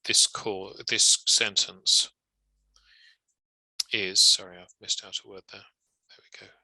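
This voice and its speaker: A male legal trainer with a low, gravelly voice that still cuts through sharp and bright. He explains in a measured, wry, conversational manner, recorded close and dry. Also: level tone, dry recording, poor audio. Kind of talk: recorded lecture.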